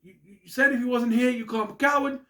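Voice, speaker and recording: A man doing an impression of a brash, gruff male wrestling color commentator who needles his partner loudly. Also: very high-pitched, fairly even intonation, fast, pitched above the performer's own voice. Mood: goading. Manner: needling, loud and goading. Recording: echoey room.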